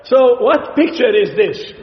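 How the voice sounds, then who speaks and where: Slow-talking preacher man in an echoey hall. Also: extremely high pitch, animated. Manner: slow, explanatory, with rhetorical questions. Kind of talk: sermon. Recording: echoey hall, dull lo-fi sound.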